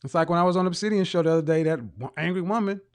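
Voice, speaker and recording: A man's voice: high-pitched, fairly even intonation, racing, smooth. A man hosting a live stream, reading viewer comments aloud and mocking them with teasing rhetorical questions and bursts of laughter.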